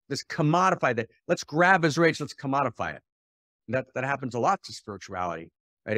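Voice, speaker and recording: A man hosting a spiritual teaching podcast, speaking passionately and shifting between loud exhortation and quiet, intimate asides, often repeating phrases for emphasis. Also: fairly high pitch, dry recording, clean studio sound. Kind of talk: impassioned teaching talk.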